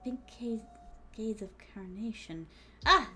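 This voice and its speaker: A woman's voice: fairly high pitch, slow pace, sharp tone. A woman streamer musing aloud as she rewrites sentences, playful and chatty, with a slight put-on accent. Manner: muttering drafts aloud, playful. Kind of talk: casual writing stream.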